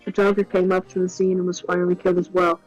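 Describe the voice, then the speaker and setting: A woman's voice: fairly low pitch, completely flat delivery, fast talker, lo-fi sound, music in the background, close to an everyday voice. Gumshoe, a woman doing a goofy detective. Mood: explaining. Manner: funny put-on voice. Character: bumbling good-natured male detective. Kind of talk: fan voice-over of a game.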